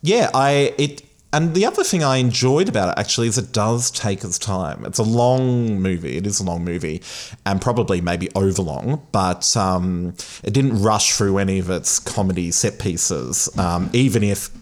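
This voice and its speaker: A man from Australia, hosting a casual film review chat with relaxed, hesitant restarts. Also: fairly low pitch, moderate pace, hardly any pauses.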